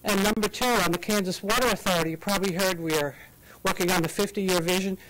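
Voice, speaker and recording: A woman's voice: mid-range voice, fast talker, a bit bright, slight background noise, poor audio. A woman giving a public comment at a city council meeting. She is out of breath and talks with enthusiasm and many fillers. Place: council chamber.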